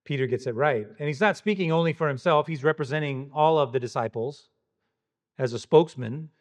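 A man's voice: on the high side, a little fast. A man preaching an expository sermon verse by verse, emphatic and full of pointed rhetorical questions.

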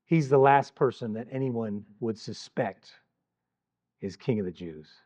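A man teaching about the Bible in a measured, emphatic way, pausing deliberately on key words. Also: medium pitch, darkish tone. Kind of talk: scripted Bible teaching narration.

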